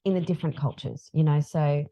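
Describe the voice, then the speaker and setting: A middle-aged woman, a podcast guest telling a story in a casual, animated way. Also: low-pitched, fairly quick, highs cut off. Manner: animated, acts out dialogue in her stories.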